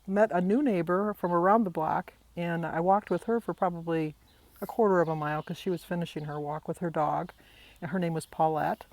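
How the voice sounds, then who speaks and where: A woman's voice: medium pitch, darkish tone. An older woman vlogging casually, a rambling, chatty storyteller talking to her camera. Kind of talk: casual vlog chat.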